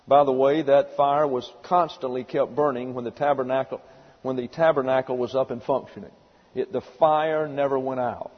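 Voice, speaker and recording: Teaching from the Bible, a man preaches a sermon-style lecture with folksy storytelling, pausing to spell out words as he explains. His voice is mid-range and slightly rough. The audio is dull and lo-fi, echoing with long hall reverb.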